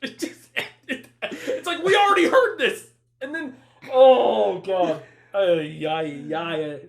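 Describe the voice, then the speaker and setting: A young man co-hosting a podcast, reviewing a movie in casual comedic chat, laughing often and sounding animated and exasperated. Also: high voice, slow pace, gravelly. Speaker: podcast co-host.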